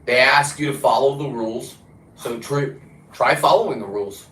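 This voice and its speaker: A man talks in a loose, rambling monologue, blunt and full of swearing. He often restarts his sentences mid-thought. His voice sits in an ordinary middle pitch, and the room gives it a noticeable echo. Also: normal speed, sharp tone. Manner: blunt and profane, with frequent restarts. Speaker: diver and fishing vlogger. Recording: roomy echo.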